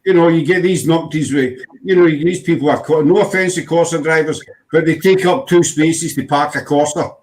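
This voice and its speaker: Chatty man, slightly high voice. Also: normal speed, hardly any pauses, slight background noise, low-quality recording. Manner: rambling storyteller, says "you know" a lot. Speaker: podcast host. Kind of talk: casual chat.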